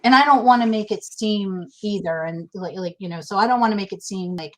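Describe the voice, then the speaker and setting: The audio is poor, but you can hear a middle-aged woman with a medium-pitched, animated voice talking a little fast and barely pausing. She's an interview guest in a casual chat, candid and emotional, and she keeps restarting what she's saying.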